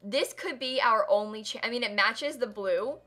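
A woman's voice: fairly high pitch, moderate pace, sharp tone. A young woman live-streaming a game build, chatting casually and laughing often as she thanks viewers. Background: faint music and keyboard typing.

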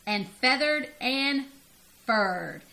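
A woman's voice: sits high, very slow, creaky. A grandmother reading a children's storybook aloud expressively, laughing and leaping up on the cries. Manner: expressive, laughing, big vocal jumps on cries.

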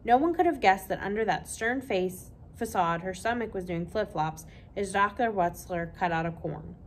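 Expressive woman reading a children's novel. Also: mid-range voice, normal speed, slight background noise. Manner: expressive, lively storytelling. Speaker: children's librarian.

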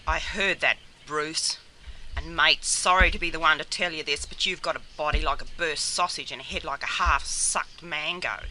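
A woman's voice: deep voice, moderate pace, pushed and bright, a little hiss or hum. A woman with an Australian accent playing a cheeky, blunt Australian woman who hurls mocking insults in slang. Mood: teasing.

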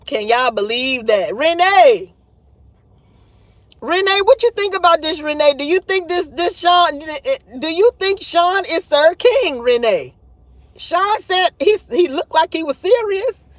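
A woman's voice: extremely high pitch, lively intonation, a little slow, dry recording. A woman hosting a livestream of gossip commentary, dramatic and exasperated, talking straight to her viewers with sighs, laughs and casual swearing. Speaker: channel host.

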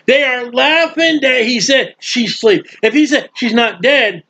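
High-voiced lively preacher, lo-fi sound. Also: male voice, a little slow. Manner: animated, acts out bystanders' mocking voices. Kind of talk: Bible study sermon. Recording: dull lo-fi recording.

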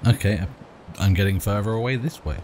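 A let's play host with a fairly low voice talks a little fast, commentating a video game casually and with wry humor while reading the game's dialogue aloud. Game music sits under his voice, and the background is noisy.

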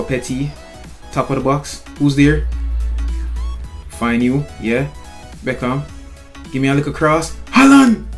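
A young man, excitably commentating his own football gameplay in a slangy, chatty way, talking straight at the screen. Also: medium pitch. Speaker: gaming channel host.

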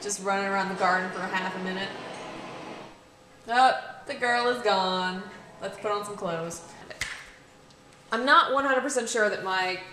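A woman's voice: medium pitch, moderate pace, pauses often, pushed and bright. A young woman giving casual, teasing commentary while explaining a horror game to a friend. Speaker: co-host showing a game. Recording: roomy room with noise.

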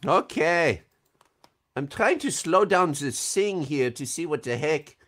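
A man's voice: on the high side, animated, takes it slowly, a bit bright. A man, a voice actor, chatting playfully on a livestream Q&A over a video call, laughing often and reading out fan comments. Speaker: voice actor answering fan questions. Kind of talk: casual livestream Q&A.

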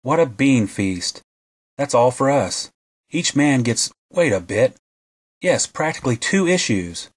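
A man's voice: mid-range voice, big pitch swings, a little slow, pitched above the performer's own voice. A man voicing a greedy, scheming soldier who talks in an eager, wheedling way. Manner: eager, wheedling, hoarse whisper.

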